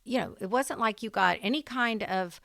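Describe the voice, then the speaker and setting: A middle-aged woman, a guest author, chatting in an interview as an animated storyteller with quick emphatic asides. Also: fairly high pitch, vocal fry, no echo, clean studio sound. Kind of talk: casual interview conversation.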